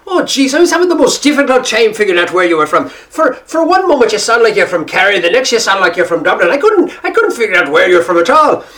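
A man voicing a bemused Irish local who cannot place a stranger's accent, his voice raised higher than his own. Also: big pitch swings, fast talker, few pauses, bright, forceful tone, full character voice. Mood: puzzled. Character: puzzled Irish local, adult.

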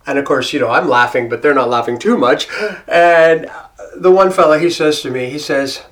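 A man's voice: on the high side, normal speed, a bit bright. An American man telling a story in a casual, self-deprecating way. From United States.

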